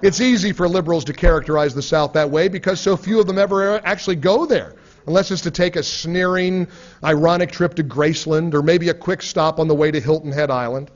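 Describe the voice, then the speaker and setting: A man's voice: on the high side, a little fast. A man reading a nonfiction book aloud in a sarcastic, mocking manner. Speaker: audiobook reader. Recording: dull lo-fi recording.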